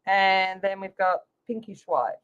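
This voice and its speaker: A woman's voice: mid-range voice, fairly even intonation, unhurried, fairly bright tone, clean tone. A woman hosting a casual livestream, chatting with viewers by name while she colors. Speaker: livestream host. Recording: slightly dull lo-fi sound.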